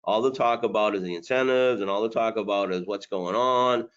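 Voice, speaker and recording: A man's voice: fairly low pitch, fairly quick, a bit bright, smooth, lo-fi sound. A man coaching sales managers on a webinar, blunt and hard-driving, with jokes along the way. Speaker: sales trainer.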